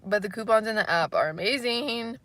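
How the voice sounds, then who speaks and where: Young Canadian woman livestream host, rambly and giggly, bright forward tone, dry close sound. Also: on the high side, lively intonation, a little fast, dry recording. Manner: rambling, laughing often, lots of "like". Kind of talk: casual livestream chat, reading comments.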